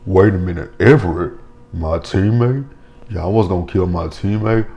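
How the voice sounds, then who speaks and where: A man giving a casual, animated and profane recap of a TV episode, acting out the characters' lines. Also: sits low, normal speed. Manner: animated, profane, acts out the scenes with quotes. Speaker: TV episode reviewer.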